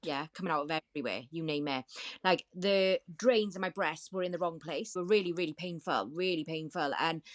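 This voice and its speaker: A woman's voice: sits low, fairly quick. A woman, a guest in a podcast interview, recounting a personal story vividly, repeating key points and quoting others as she goes. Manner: vivid, repetitive retelling with quoted dialogue.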